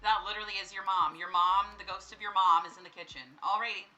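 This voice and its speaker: A young woman with a bright, forceful voice gives casual gameplay commentary. She chats with the characters on screen as if they could hear her and sometimes bursts into startled, laughing screams. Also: mid-range voice, steady tone, fast talker, highs cut off. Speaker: gameplay streamer. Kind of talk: casual let's-play commentary.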